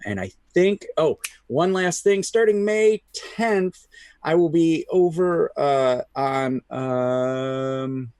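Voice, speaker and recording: A man's voice: fairly high pitch, slow, a little mellow, clear, resonant tone, no echo. A man who plays tabletop games, chatting casually and rambling with lots of fillers and restarts. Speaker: tabletop game player. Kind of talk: casual chat.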